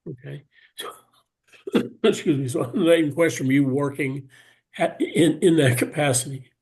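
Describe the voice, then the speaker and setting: A man representing a bar at a hearing, questioning a witness in a halting way, full of fillers, over a video call. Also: fairly high pitch, darkish tone. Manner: halting, hesitant, many fillers.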